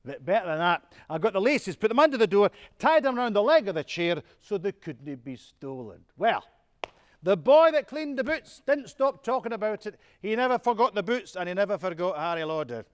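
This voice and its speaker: An actor playing an older Scottish music-hall star in a stage monologue, telling stories with a chuckling, self-mocking manner. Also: male voice, high-pitched, big pitch swings, normal speed. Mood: jovial boasting. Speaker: music-hall performer in a one-man stage show. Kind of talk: theatrical monologue.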